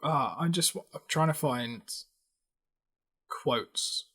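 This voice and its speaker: A man's voice: medium pitch, expressive, extremely slow, pushed and bright, breathy edge. A man co-hosting a casual chat, giggling often, swearing freely and mock-ranting for laughs. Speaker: podcast co-host.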